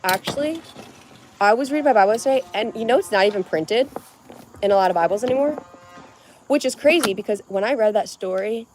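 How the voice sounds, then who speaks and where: A woman's voice: fairly high pitch, animated, a little fast, background noise. A young woman live streaming in casual, rambling chat, dry-lipped and just woken up, talking in loose restarts. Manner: chatty and rambling, many "like"s and restarts.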